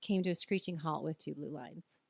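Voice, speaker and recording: A woman's voice: low-pitched, moderate pace, vocal fry, no room sound. Chatty woman in her forties, storytelling. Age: 40s. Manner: animated, laughing, acts out quoted voices. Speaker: guest. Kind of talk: casual podcast storytelling.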